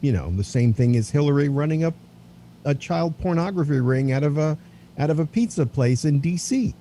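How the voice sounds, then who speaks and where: Man, panelist, mellow tone, lively pitch, faint hiss. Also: moderate pace. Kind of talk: political chat.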